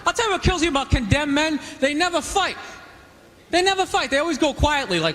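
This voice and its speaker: Animated, high-pitched male stand-up comic. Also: quick pace. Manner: rambling and animated, full of "you know" asides. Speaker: stand-up comedian. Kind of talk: stand-up comedy set. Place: comedy club stage with live audience. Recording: live club recording with reverb and crowd.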